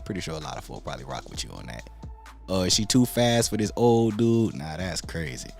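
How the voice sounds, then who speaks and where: A man's voice: sits low, big pitch swings, a little fast, gravelly, over music. A man hosting a casual livestream, greeting viewers by name in laid-back slangy talk. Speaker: livestream host.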